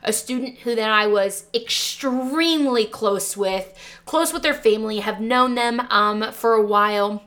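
A woman's voice: a little high, unhurried, a bit bright. A young woman, a teacher hosting a podcast, telling a personal story in an earnest, emotional way with frequent fillers.

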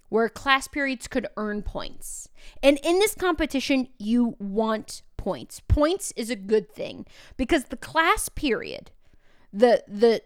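A woman teacher hosting her own podcast, talking in a casual, loud and energetic way, candid and animated. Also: on the high side, clean tone. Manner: animated and candid, acts out quoted exchanges. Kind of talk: casual solo podcast talk.

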